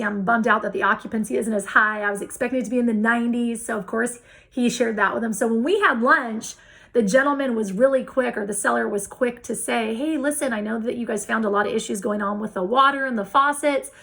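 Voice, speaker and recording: A woman with a slightly high, gravelly voice tells a story in a casual interview. She acts out what each person said, swinging her voice up and down as she quotes them. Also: a little fast, low-quality recording. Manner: animated storyteller acting out quoted dialogue. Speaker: real estate investor guest.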